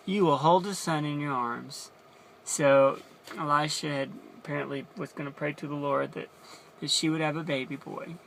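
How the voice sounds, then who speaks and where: A man's voice: fairly high pitch, creaky, a bit bright, a little hiss or hum. A man casually retelling a Bible story as a teacher, chatty and explaining as he goes.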